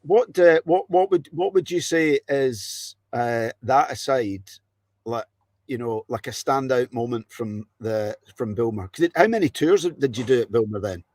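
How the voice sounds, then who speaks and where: A man's voice: medium pitch, expressive, a little slow, a little mellow, no echo. A man hosting a casual podcast interview, asking questions with hesitant restarts. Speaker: podcast host.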